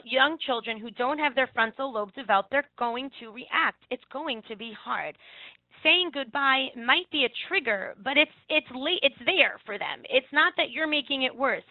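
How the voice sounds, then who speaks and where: A woman with a fairly high voice giving earnest advice as an early childhood educator. She comes through a thin, phone-like line. The sound is dry and close, and she restarts a phrase here and there. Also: no echo. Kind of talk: instructive talk with anecdotes.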